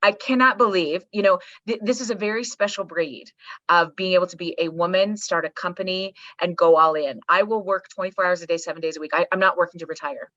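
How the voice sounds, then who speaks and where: A middle-aged woman talking in a lowish voice, telling stories bluntly and with plenty of swearing. Her voice sounds a little dull and muffled, with a dry, close sound and no room around it. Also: a little fast, dry recording. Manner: blunt, profane, animated storytelling. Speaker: psychologist guest. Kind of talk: candid podcast conversation. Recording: slightly muffled dry recording.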